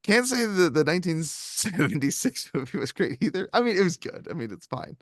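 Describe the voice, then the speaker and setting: A man's voice: on the high side, fairly quick, no room sound, studio quality. A man co-hosting a movie review podcast, telling long stories in casual chat with many fillers and restarts. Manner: rambling, animated storytelling with frequent fillers. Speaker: podcast co-host.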